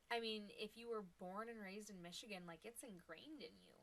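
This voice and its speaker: A woman's voice: mid-range voice, brisk, a bit bright. Young woman, Upper Midwest accent, chatty, laughs easily, live shopping host. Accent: Upper Midwest American. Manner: chatty, giggly, talks to chat viewers. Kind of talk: casual live stream chat.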